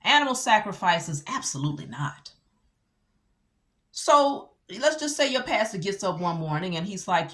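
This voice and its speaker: A woman teaching scripture casually, animated and full of rhetorical questions. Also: medium pitch, normal speed. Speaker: Bible teacher.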